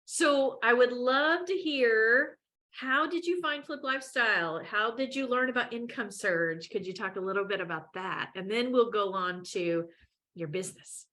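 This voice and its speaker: A woman's voice: a little high, normal speed, sharp tone. A woman hosting an interview, asking the guest friendly questions. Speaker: interview host.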